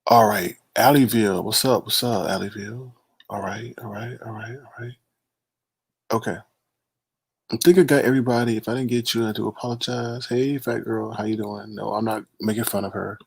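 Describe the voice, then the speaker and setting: A man with a fairly low voice hosts a late-night live stream, loose and easygoing, teasing viewers as he greets them one by one. His voice sits close and dry on the mic, with no room sound behind it. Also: fairly even intonation, moderate pace, creaky, husky, dry recording. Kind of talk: casual live-stream chat.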